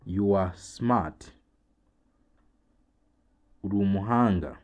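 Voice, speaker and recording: A man with a Rwandan accent teaching English vocabulary, saying each word twice in a slow, deliberate drill and then translating. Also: low-pitched, a little mellow.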